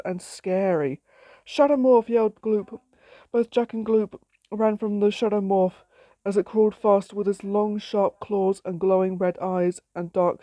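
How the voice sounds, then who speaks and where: A woman's voice: medium pitch, warm tone, no echo. A woman reading her own story aloud in a plain, simple storytelling way.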